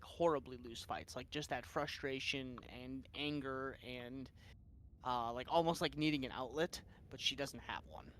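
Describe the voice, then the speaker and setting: A man's voice: mid-range voice, sharp tone, clean tone. A man from the Midwest with a Midwestern accent, narrating a tabletop game as game master in a loose, filler-heavy way.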